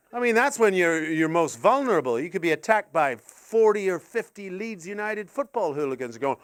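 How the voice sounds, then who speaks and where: A middle-aged man performing a rambling stand-up set, excitable and sweary, with sudden yelps. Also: high voice, normal speed, few pauses. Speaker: stand-up comedian.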